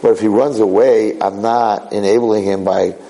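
A man giving a sermon as a rabbi, animated and conversational, repeating phrases for emphasis. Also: on the low side, moderate pace, rough recording.

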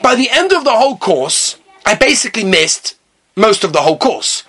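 Animated high-voiced man giving a sermon. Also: normal speed, slightly rough. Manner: animated storytelling with Hebrew and Yiddish terms, rising to impassioned calls. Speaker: rabbi giving a Torah talk.

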